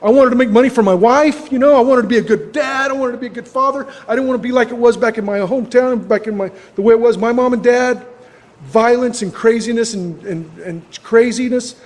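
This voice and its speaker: High-voiced man, echoey hall. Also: brisk. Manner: folksy, rambling storyteller, laughing often at himself. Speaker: recovery meeting speaker. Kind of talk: personal recovery story talk. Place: club meeting hall. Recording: echoey hall with long reverb.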